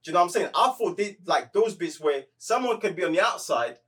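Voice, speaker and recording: A man talks through a film in loose, slangy chat, stumbling over his words. His voice sits fairly high. He is picked up from some distance from the mic. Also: animated, fast, fairly bright tone. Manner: slangy, hesitant, repeats words. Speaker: movie reviewer. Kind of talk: casual chat.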